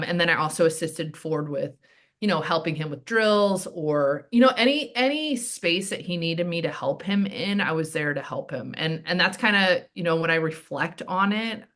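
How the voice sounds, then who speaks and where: A woman in her thirties, a handball player and team director, telling stories in a chatty, animated way as an interview guest. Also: deep voice. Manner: chatty, animated storytelling with frequent "like" and "um". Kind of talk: casual interview chat.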